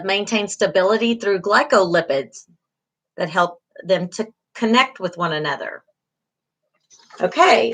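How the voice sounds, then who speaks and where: A woman's voice: medium pitch, fairly bright tone, a little hiss or hum, rough recording. A middle-aged woman instructing a class, going over material patiently, repeating key terms and reassuring her students, with frequent fillers. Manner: repetitive, reassuring teaching with fillers. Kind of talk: online class lecture.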